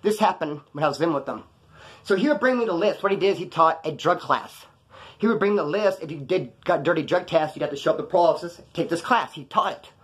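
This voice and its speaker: A man's voice: a little high, fast. A man telling stories from his past to the camera in casual vlog style, full of street slang and swearing, acting out the other people in them. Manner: streetwise slang, swearing, lively acted-out quotes. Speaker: vlogger telling prison stories. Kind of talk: casual storytelling monologue.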